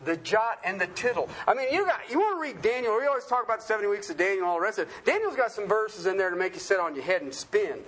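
A man's voice: high voice, sing-song, very fast, few pauses, fairly bright tone. A man preaching a sermon in a folksy, joking way, often asking the congregation questions.

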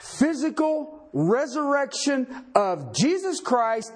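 Husky high-voiced preacher, emphatic and slow. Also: male voice, big pitch swings. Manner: emphatic, swings from loud to low. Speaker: pastor. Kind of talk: sermon.

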